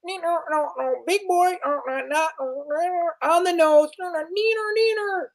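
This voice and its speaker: A woman's voice: very high voice, normal speed, pitched above the performer's own voice. A woman voicing a small mechanical gnome automaton that teases in a childish sing-song. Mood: taunting.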